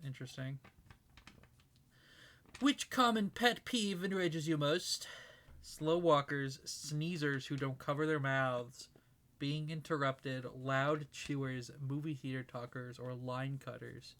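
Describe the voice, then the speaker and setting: A Canadian woman co-hosting a podcast in casual chat, reading quiz questions aloud with a teasing, deadpan manner. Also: rumbling low, slow pace. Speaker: podcast co-host.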